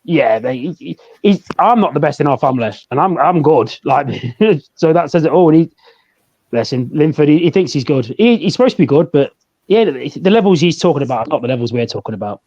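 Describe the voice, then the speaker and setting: A man's voice: fairly high pitch, expressive, fairly quick, a little mellow. A laid-back man co-hosting a casual football chat podcast, laughing often. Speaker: podcast co-host. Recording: dull lo-fi audio.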